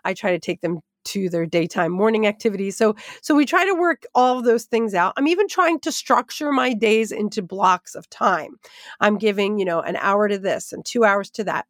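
A woman Bible teacher telling a lively personal story as she leads into a devotional lesson. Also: medium pitch, normal speed, dry recording, clean studio sound. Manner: animated, expressive storytelling with asides.

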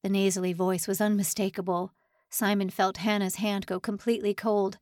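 A woman's voice: medium pitch, flat delivery, moderate pace, a little mellow, no room sound, clean studio sound. A woman narrating a suspense novel audiobook in a dramatic, tension-building read. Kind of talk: scripted narration.

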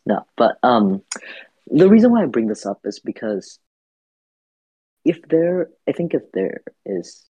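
Here a man from Vietnam, a guest on a podcast, muses hesitantly with frequent fillers and restarts. His husky medium-pitched voice swings widely in pitch, unhurried with long pauses, in dull lo-fi audio with no room sound.

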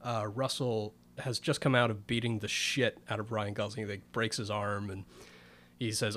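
A man's voice: lowish voice, flat delivery, fairly quick, a bit bright, slight background noise. A man co-hosting a casual film podcast, talking enthusiastically and swearing freely. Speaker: podcast co-host.

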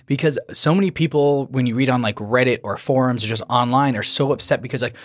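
A man's voice: medium pitch, quick pace. A man co-hosting a podcast in casual chat, eagerly explaining details and trivia. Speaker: podcast co-host.

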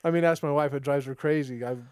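A man hosting a podcast, talking in a loose, rambling way and often restarting his sentences. His voice is slightly high for a man but warm and mellow. When he quotes other people he jumps in pitch. The sound is dry and close. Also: fast, clear, resonant tone, no echo. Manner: acts out quoted dialogue with lively pitch jumps. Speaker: podcast host. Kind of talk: casual podcast chat.

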